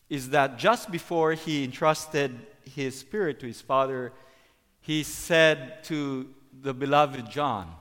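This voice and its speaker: A middle-aged man giving a sermon as a preacher, halting, with many fillers and restarts. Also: mid-range voice, fairly bright tone. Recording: long hall reverb.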